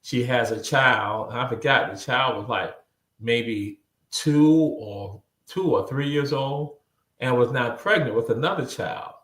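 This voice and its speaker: Animated man telling a story. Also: medium pitch, unhurried, echoey room. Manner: animated, repeats words, acts out quoted voices. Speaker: guest. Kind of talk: casual storytelling interview. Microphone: video call.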